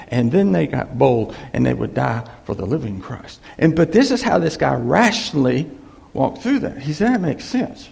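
Animated, gravelly male preacher in a big hall. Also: a little high. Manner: folksy, animated preaching with quick acted-out quotes and chuckles. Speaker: pastor. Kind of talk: sermon. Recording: long reverb of a large hall.

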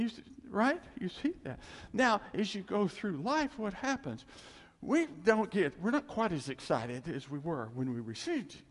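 A man's voice: sits high, in a large hall. A man preaching a conversational sermon in a church. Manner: animated and conversational, laughs between points.

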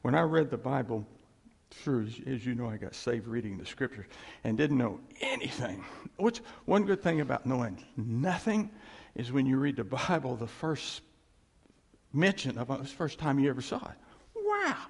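A man preaching a sermon in a lively, conversational way, checking in with his congregation. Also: medium pitch, moderate pace, vocal fry, breathy edge. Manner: animated, conversational preaching with audience call-backs. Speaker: pastor. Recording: long hall reverb.

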